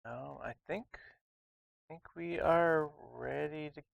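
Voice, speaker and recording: Gravelly-voiced man chatting about board games. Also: fairly high pitch, takes it slowly, dry recording, lo-fi sound. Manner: chatty, rambling with frequent restarts. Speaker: board game reviewer. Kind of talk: casual chat.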